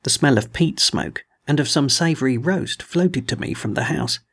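A man giving a measured audiobook narration of a novel. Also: mid-range voice, animated, a bit bright, husky.

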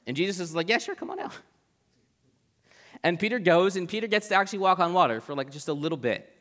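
A man giving a casual, joking Bible talk, acting out the people in the story in quick voices. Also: high-pitched, fairly bright tone, long reverb tail.

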